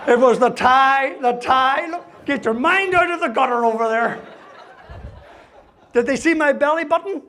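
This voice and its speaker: A man's voice: extremely high pitch, normal speed, sharp tone, slight background noise. Man, fifties, comic motivational speaker, anecdotes with a "right?" after every beat. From Ireland. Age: 50s. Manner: storytelling, punchy jokes, keeps tagging "right?". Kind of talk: humorous keynote speech.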